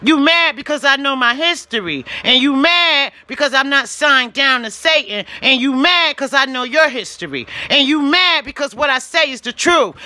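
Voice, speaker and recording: A woman with a high, piercing, very bright voice delivers an indignant vlog rant straight to camera. She hammers her points through repetition and sometimes breaks into shouting. The sound is close and dry, with no room around it. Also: expressive, moderate pace, few pauses, no echo. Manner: indignant and emphatic, rising to shouts; direct address to the platform, repeating phrases. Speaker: channel owner vlogging. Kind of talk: ranting vlog monologue.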